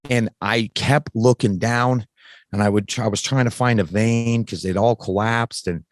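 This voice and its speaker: A man's voice: on the low side, fairly even intonation, normal speed, no echo. A man in his thirties, a podcast guest, telling a candid personal story in casual, frank talk that swears freely and often restarts its sentences.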